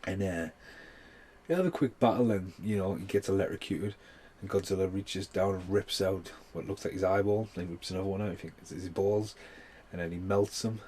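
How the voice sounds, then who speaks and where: Deep-voiced man ranting about a film. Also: brisk, darkish tone, breathy edge. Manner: swears a lot, rambling with many fillers. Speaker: movie reviewer. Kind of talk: casual rambling film review.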